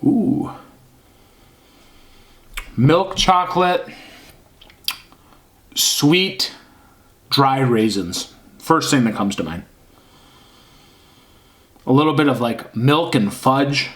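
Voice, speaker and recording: A man's voice: medium pitch, expressive, slow, long pauses, fairly bright tone. A man casually reviewing a beer on camera, rambling and hunting for words with lots of fillers. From Michigan.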